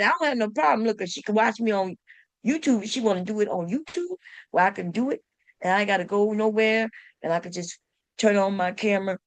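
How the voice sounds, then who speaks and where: A woman's voice: mid-range voice, no room sound. A woman hosting a sewing channel, telling a story to camera in a casual, emphatic way and talking straight to her viewers with exasperated rhetorical questions.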